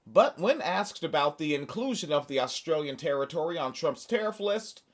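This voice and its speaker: A man's voice: a little high, animated, normal speed. A man hosting a podcast, reading news aloud and breaking off into sarcastic, profane asides. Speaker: podcast host.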